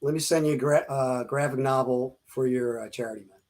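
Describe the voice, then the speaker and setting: A man's voice: medium pitch, steady tone, brisk, a little mellow. A man talking as a guest on a casual podcast, easygoing and grateful. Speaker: guest, comic creator. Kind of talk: casual chat.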